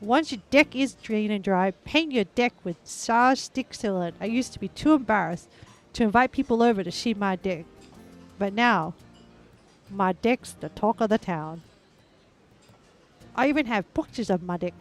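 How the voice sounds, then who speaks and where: A woman putting on an overexcited pitchwoman's voice to read out a deck sealant advertisement with loud, emphatic infomercial delivery. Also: lively intonation, normal speed, faint music behind, natural voice. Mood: hammy salesy.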